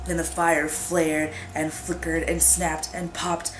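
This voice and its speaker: A woman reading a scary story aloud in a suspenseful, drawn-out way, whispering the sound effects. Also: lowish voice, little pitch movement. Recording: echoey room with music behind.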